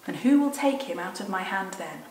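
A woman voicing a cold, cruel witch who gloats over her victim, speaking slowly and low and sinking to a whisper. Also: lively intonation, darkish tone, slight background noise, natural voice. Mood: gloating, menacing. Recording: roomy echo from a distant mic.

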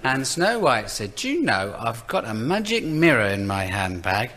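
A man on a comedy panel show telling an improvised comic story, playful and brisk, dipping into quick character voices. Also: medium pitch, sing-song. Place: radio studio before a live audience. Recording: loud audience laughter behind.

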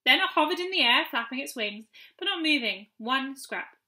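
A woman narrating a children's storybook in a clear, measured storytelling manner. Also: high voice, expressive, sharp tone. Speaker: audiobook narrator.

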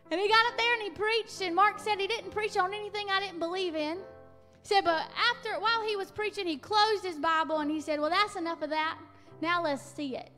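Lady preacher at a revival, really high bright voice, church hall echo, soft music under it. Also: brisk. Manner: impassioned, rising to shouted peaks when quoting. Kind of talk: revival sermon storytelling. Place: church sanctuary.

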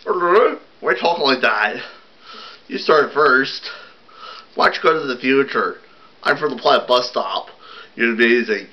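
A man doing a slow-talking puppet alien. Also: medium pitch, lively intonation, lo-fi sound. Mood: menacing. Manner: slow, drawn-out.

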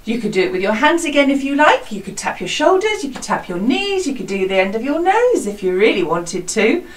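Lively British teacher woman, a bit distant. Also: on the high side, a little fast. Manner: bright, encouraging, singsong teacher voice. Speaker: primary school music teacher. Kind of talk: home music lesson for children. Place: small hut classroom.

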